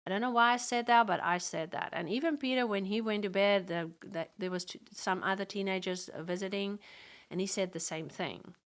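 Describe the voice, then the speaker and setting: Middle-aged woman telling a church testimony, acts out what everyone said, voice neither high nor low. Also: brisk. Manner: acts out quoted dialogue in the story. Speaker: guest sharing a testimony. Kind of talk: storytelling testimony.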